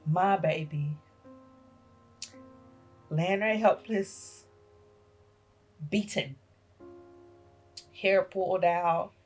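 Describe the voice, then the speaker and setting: A middle-aged woman, a grandmother, telling a painful personal story as a podcast guest, halting and emotional, repeating her phrases. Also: fairly low pitch, a little mellow, breathy edge, faint music behind.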